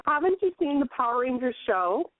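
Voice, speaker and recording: A woman's voice: high voice, sing-song, a little fast, no room sound, narrow, tinny audio. A woman co-hosting a casual chat, playful and giggly, mostly giving short replies.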